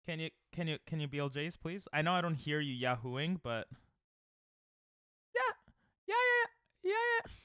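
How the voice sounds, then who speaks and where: A young man streams a game from home and chats loosely with his viewers, breaking off and restarting as he goes. His voice sits a little high and sounds smooth and clear. It comes across dry and close on a desk mic. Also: very animated, normal speed, long pauses, fairly bright tone, dry recording. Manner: rambling, self-deprecating, restarts often, chats with viewers. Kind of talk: casual livestream chat while speedrunning.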